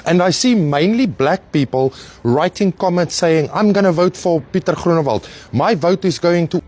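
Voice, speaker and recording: A man's voice: fairly high pitch, moderate pace. A man talking casually to his followers in a chatty social media video. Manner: lively, chatty, laughing asides.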